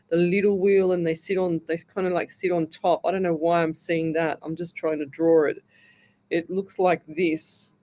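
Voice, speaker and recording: A middle-aged woman with an Australian accent runs a live call-in radio show as a psychic medium. She talks in a chatty, rambling way, reading out listeners' names and musing aloud. Her voice sits a little low for a woman. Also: darkish tone. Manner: chatty, greets listeners by name, thinks aloud.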